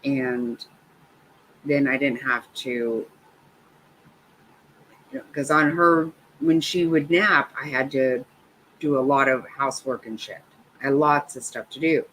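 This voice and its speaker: This livestream host, a middle-aged woman, has a bass voice and a measured pace broken by long pauses. She chats casually and tells lively stories, laughing often. The low-quality audio carries a little hiss or hum.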